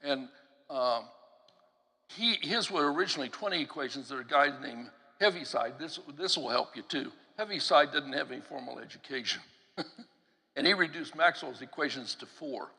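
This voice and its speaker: A man preaching a teaching-style sermon in a church, telling stories with an animated delivery, laughing between phrases and acting out the voices he quotes. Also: mid-range voice, moderate pace, vocal fry, slightly rough. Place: church sanctuary. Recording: long church hall reverb.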